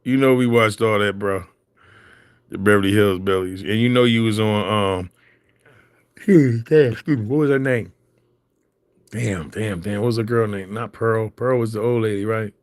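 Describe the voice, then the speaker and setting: A man's voice: lowish voice, normal speed, long pauses, no echo, studio quality. Slangy Philly man, casual chat. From Philadelphia. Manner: storytelling, laughs often, slangy.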